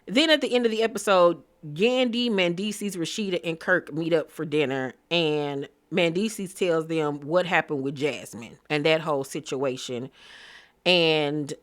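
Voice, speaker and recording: A woman's voice: low-pitched, measured pace. Sassy, blunt woman recapping reality TV. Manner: sassy, blunt, quotes cast members mid-story. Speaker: recap vlogger. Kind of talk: casual TV recap commentary.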